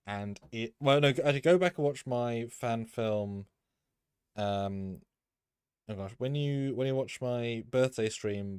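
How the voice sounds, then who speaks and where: A man's voice: lowish voice, clear, resonant tone, dry recording, studio quality. Rambling man hosting a live stream. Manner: rambling, full of fillers and restarts. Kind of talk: casual live-stream chat.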